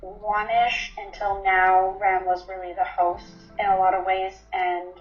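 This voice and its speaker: A woman's voice: mid-range voice, little pitch movement, unhurried, soft background music. A woman in her twenties telling her personal story in an interview, candid and matter-of-fact, with frequent ums. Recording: roomy, slightly dull recording.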